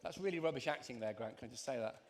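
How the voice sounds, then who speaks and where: A man's voice: medium pitch, animated, racing. A man presenting live on stage, teasing the audience with mock outrage. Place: large arena stage. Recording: long arena reverb.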